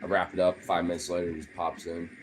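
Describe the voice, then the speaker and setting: A man's voice: sits low, monotone, quick pace, music in the background. A young man streaming casually from home, cooing baby talk at his pets and swearing freely. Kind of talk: casual live-stream chat.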